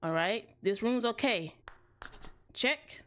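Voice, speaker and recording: Woman streamer, horror let's play, lively bouncing pitch, fairly high voice, loud jumpy swearing reactions, chats to viewers. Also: slow pace, slight background noise. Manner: chatty asides to viewers. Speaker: gaming streamer.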